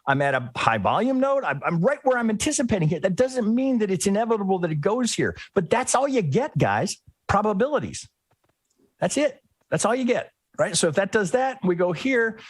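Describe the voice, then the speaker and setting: Animated, husky-voiced male trading teacher. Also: sits high, brisk, no echo. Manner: animated, acts out traders' inner thoughts. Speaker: trading educator. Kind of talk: live screen-share trading lesson.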